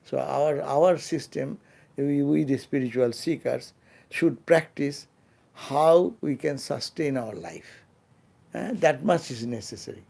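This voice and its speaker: Inside a temple lecture hall, a male swami speaks at medium pitch in a gravelly yet mellow voice, leading a scripture class without a script. The pace is slow and hesitant, marked by frequent restarts, filler words and quietly fading phrase ends.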